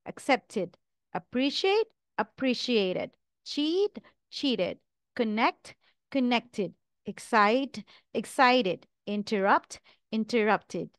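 Slow, careful woman pronunciation teacher. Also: a little high, no room sound, studio quality. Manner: carefully enunciated word-by-word drilling. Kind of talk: slow, deliberate pronunciation drill.

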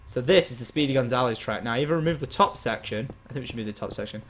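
Excitable man explaining gameplay. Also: medium pitch, quick pace. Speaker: gaming host. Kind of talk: casual chat while gaming.

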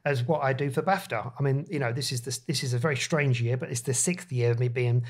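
A man talks in a relaxed podcast chat, pressing his points emphatically and insisting on them. His pitch sits in a middle range for a man. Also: fast. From London. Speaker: podcast host and artist.

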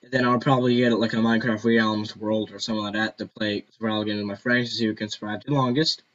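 A man's voice: lowish voice, flat delivery, fast, a bit bright, muffled recording. A man giving casual gameplay commentary, rambling and joking to himself. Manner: rambling, jokey self-talk. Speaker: gaming video host.

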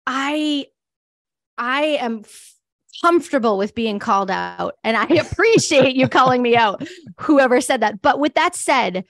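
A chatty woman speaking in a fairly high voice, presenting to an audience. She talks loosely, packed with fillers and quick laughs. The sound is dry and close. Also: animated, no room sound. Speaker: guest speaker, pet photographer.

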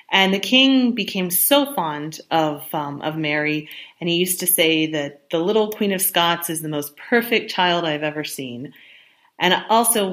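A woman with a somewhat low voice narrates history for her podcast. She keeps it conversational and sympathetic, pausing on ums and correcting herself as she goes. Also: a bit bright. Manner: chatty, sympathetic storytelling with ums and self-corrections.

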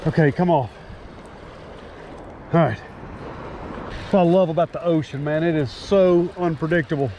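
Excitable man on a noisy beach. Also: a little high, normal speed, pauses often. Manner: excitable, exclaiming often. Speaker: fishing vlogger. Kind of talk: excited outdoor vlog commentary. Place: outdoors on an ocean beach, surf behind. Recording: outdoor recording with loud surf noise.

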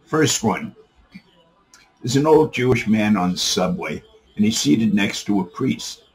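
A man telling jokes in an unhurried way, slipping into small voices for each character. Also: on the low side, creaky, breathy edge, poor audio. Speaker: joke teller.

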